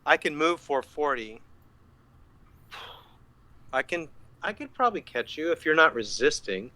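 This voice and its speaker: A man's voice: on the high side, big pitch swings, a little slow, bright, forceful tone, dry recording. A man player in a tabletop game, tentative and full of questions. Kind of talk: casual game chat.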